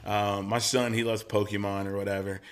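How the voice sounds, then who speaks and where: A man's voice: on the low side, little pitch movement, a little fast. A man in his forties, a pastor, chatting casually and telling family stories with lots of laughter and acted-out quotes. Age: 40s. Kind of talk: casual chat.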